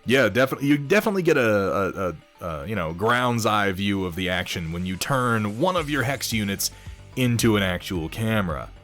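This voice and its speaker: A man's voice: lowish voice, very animated, fairly quick, fairly bright tone, soft background music. A man chatting casually on a live stream while painting miniatures, rambling, reading viewers' messages aloud and swearing offhandedly.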